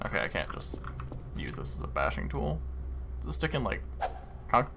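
A young man gaming and talking with a friend, his pitch leaping all over the place as he gets excited. He swears freely and breaks into laughter often. Keyboard clicks and typing sit clearly in the background. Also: normal speed, background noise. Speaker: gaming streamer. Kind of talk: casual gameplay chat.

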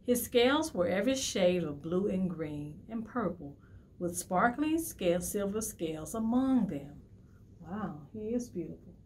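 Animated woman reading storytime. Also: mid-range voice, unhurried, slight background noise. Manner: animated, asks children questions. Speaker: library storytime host. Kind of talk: reading a picture book to preschoolers.

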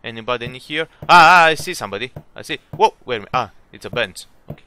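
A young man playing a horror game, talking to himself, swearing and yelling as jump scares hit. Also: medium pitch, lively intonation, fast talker, smooth. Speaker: gaming YouTuber. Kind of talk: horror game let's play commentary.

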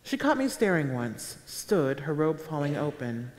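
A woman author reading her own fiction aloud at a public event, with a measured, deadpan delivery. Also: deep voice. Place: town hall auditorium with a live audience. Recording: echoey live hall sound.

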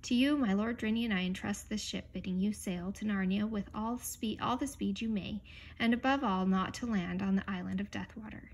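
A proud young king with a short temper gives orders in a sharp, commanding way, as a woman reading aloud puts him on. The voice is gravelly and husky, and it sits at a middling pitch. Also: normal speed, lightly acted. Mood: regal.

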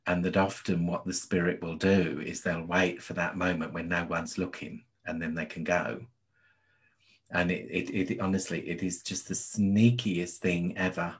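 A man from the UK, a guest spirit medium, talking in a soft, soothing way and often adding "you see". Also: sits low, level tone, moderate pace. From United Kingdom. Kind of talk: casual interview chat.

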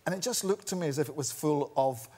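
A middle-aged Scottish man tells a wry, self-deprecating story to a talk show host. His voice sits a touch higher than most men's. He sounds relaxed, in a TV studio. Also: fast. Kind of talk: anecdote on a chat show.

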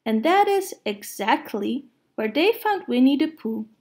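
Slow gentle woman storyteller. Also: sits high, very animated. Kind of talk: reading a picture book aloud.

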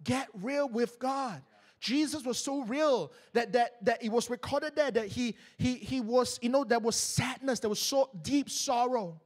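A Malaysian-accented pastor delivers a sermon from a church stage. His voice sits high for a man, and he talks in an animated way, often doubling up his words. He breaks into playful put-on prayer voices as he preaches. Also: a little slow. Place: church stage, live-streamed.

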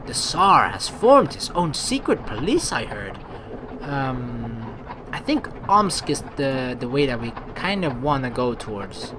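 A let's-play gamer reading game text aloud and reacting excitably with commentary. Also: medium pitch, a little slow, noisy background. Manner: excitable, reacts with sudden outbursts.

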